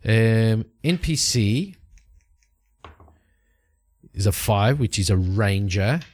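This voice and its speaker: A man's voice: on the low side, lively intonation, slow pace, a little mellow. A man hosting a solo tabletop game, narrating the story and musing aloud as he checks tables and rolls dice. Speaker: host and solo game player.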